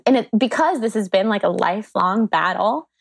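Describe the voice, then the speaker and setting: A woman hosting a podcast in casual chat, telling stories with lively voiced reactions. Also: medium pitch, normal speed, gravelly. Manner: animated, storytelling with voiced reactions. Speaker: podcast host.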